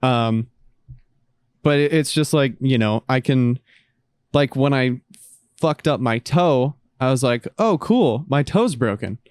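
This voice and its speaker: A man's voice: mid-range voice, steady tone, slow, long pauses, darkish tone, clean tone, no room sound, clean studio sound. A man co-hosting a casual podcast in a laid-back way, full of "um" and "like". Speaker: podcast co-host. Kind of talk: casual chat.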